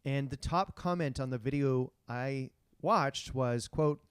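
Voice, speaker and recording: A man's voice: medium pitch, slow, clean tone, dry recording, clean studio sound. A man co-hosting a casual comedy podcast, presenting the topic in a playful, joking way. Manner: playful, jokey, breaks into silly sung bits.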